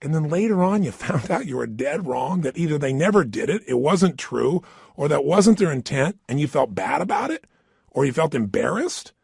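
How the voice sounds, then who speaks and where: A man in middle age delivers a fervent motivational talk, standing at a microphone. His husky voice leaps up and down in pitch as he hammers points home with rhetorical questions. The sound is dry and close. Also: big pitch swings, moderate pace, a little mellow, no echo. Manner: emphatic, with rhetorical questions to the listener. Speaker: motivational speaker. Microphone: standing and speaking into a microphone.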